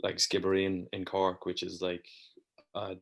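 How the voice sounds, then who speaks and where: An Irish man chatting as a podcast guest, with a very low voice that barely moves in pitch. He strings his anecdotes together in long, easygoing runs and drops a casual swear now and then. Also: completely flat delivery, unhurried, vocal fry. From Ireland. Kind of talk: casual storytelling chat.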